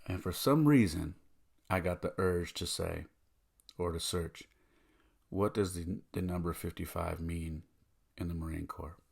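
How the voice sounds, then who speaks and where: A man with a husky, rough-edged voice speaks as a podcast host. He tells a personal story in an earnest, heartfelt way, thinking aloud as he goes. His voice sits fairly low. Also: unhurried, long pauses, a little mellow.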